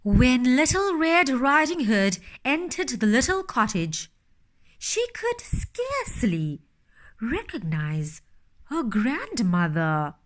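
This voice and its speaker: A woman reading a fairytale aloud in a gentle, expressive storytelling manner. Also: high voice, slow pace.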